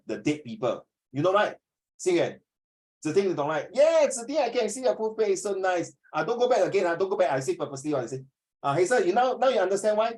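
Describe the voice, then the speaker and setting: Middle-aged Singaporean man as a lively, teasing online class teacher, voice pitched a bit high. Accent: Singaporean English. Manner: animated, teasing, mixes in Mandarin.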